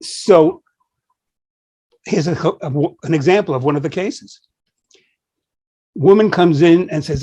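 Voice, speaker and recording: A man's voice: a little high, a little slow, pauses often, mellow. An older man co-hosting a podcast, a psychology professor who tells anecdotes and acts out the dialogue in them. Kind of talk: conversational discussion.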